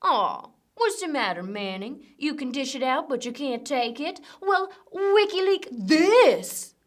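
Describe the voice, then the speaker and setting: A woman's voice: sits high, animated. A woman voicing a mocking taunter who sneers and drags out the punchline. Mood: taunting. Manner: sneering, drawn-out.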